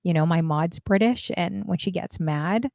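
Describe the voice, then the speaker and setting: A woman co-hosting a casual dating talk stream, chatting and telling stories in an animated way. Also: fairly low pitch, normal speed, creaky, no echo. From half Indian. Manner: chatty, animated storytelling with laughs. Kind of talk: casual chat.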